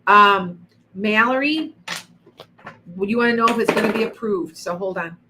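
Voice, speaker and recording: Livestream psychic host, woman, casual chatty delivery, mid pitch, faint background hum. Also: normal speed, pushed and bright, rough recording. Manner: chatty, addresses viewers by name, frequent restarts. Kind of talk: live-stream reading and chat.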